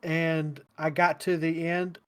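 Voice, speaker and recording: A man's voice: on the high side, level tone, slow. A man co-hosting a casual podcast, dry and blunt in his remarks. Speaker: podcast co-host.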